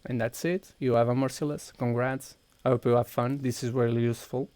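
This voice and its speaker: A man's voice: mid-range voice, level tone, fairly quick, a little mellow, dry recording. A man with a Portuguese accent streaming a game, walking viewers through each step while he clicks and thinks aloud. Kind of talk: casual live-stream chat.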